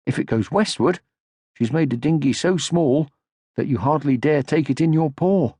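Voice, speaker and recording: A man voicing a gentle, earnest young male troll creature in an audiobook, in a soft voice. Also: fairly high pitch, normal speed, breathy edge, dry recording, clean studio sound, pitched above the performer's own voice. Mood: wistful. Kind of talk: audiobook character voice.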